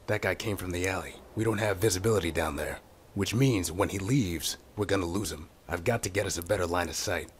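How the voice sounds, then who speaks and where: An actor playing a hard-boiled male police detective, narrating in a gruff, dry noir style for a game. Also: sits low, a little fast, slight background noise, natural voice. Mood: terse. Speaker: game character.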